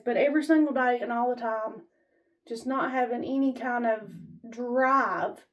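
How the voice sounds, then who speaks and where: A woman vlogger giving a blunt, rambling, folksy motivational talk to her camera, standing as she films herself. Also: high-pitched. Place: standing while filming herself.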